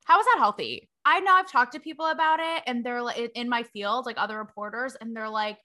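A young woman reporter hosting her own show, talking to camera in a sarcastic, animated way and laughing between points. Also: on the high side, fairly quick, hardly any pauses. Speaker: reporter and host. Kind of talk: opinionated talk to camera.

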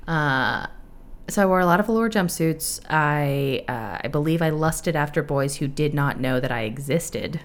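Lively, low-voiced woman podcast host. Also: normal speed. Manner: animated, laughing, candid and profane. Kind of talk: casual podcast chat.

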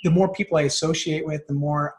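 Quick, earnest man in casual talk. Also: fairly high pitch, steady tone, a little hiss or hum. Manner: earnest, reflective, quick with frequent restarts. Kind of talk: casual podcast conversation.

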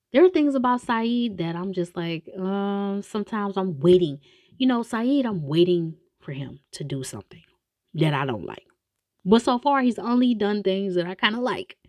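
A woman casually retelling a story with comedy, slangy and animated, with many asides. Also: mid-range voice, a little slow, no room sound, studio quality. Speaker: show recapper.

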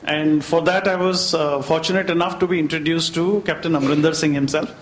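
A man's voice: fairly high pitch, steady tone, brisk, reverberant, low-quality recording. A man from India with an Indian English accent, a chef on a panel, telling anecdotes in a chatty way and slipping into Hindi phrases. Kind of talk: anecdotal storytelling.

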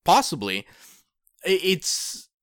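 An animated man trading quick jokes on a casual podcast. His bright voice swings widely in pitch, and the recording sounds dry and close. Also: no room sound. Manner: animated, joking, quick quips. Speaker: podcast co-host.

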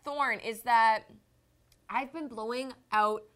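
A young woman co-hosting a podcast in casual chat, bubbly and jokey, quick to laugh. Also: on the high side, fairly bright tone, clear, resonant tone. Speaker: podcast co-host.

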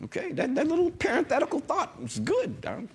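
A male pastor preaching a lively sermon, reading scripture slowly with emphasis and tossing call-and-response asides to the congregation. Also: very high voice.

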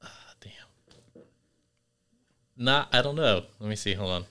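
A man's voice: on the low side, expressive, slow pace, bright, forceful tone, dry recording. A man co-hosting a podcast, talking easygoingly with lots of hesitation. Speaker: podcast co-host. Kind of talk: casual podcast chat.

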